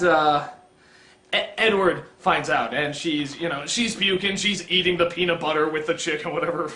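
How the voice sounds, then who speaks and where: An exasperated man rants through a comedic film review, swearing often. His pitch swoops widely from low mutters up to shouts. The sound has a roomy echo. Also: a little hiss or hum. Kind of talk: ranting comedic movie review.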